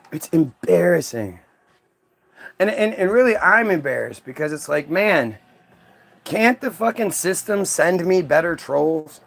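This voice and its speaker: A man's voice: fairly high pitch, vocal fry. A man hosting a livestream, mocking and confronting his commenters in a profane, combative rant. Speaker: livestream host. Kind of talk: ranting at commenters.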